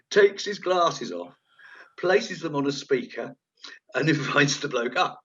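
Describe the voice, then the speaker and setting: A man's voice: mid-range voice, measured pace, breathy edge. Rambling man telling a story. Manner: rambling, animated, acts out quoted voices. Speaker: comedian guest. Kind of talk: anecdotal storytelling in an interview. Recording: dull lo-fi audio.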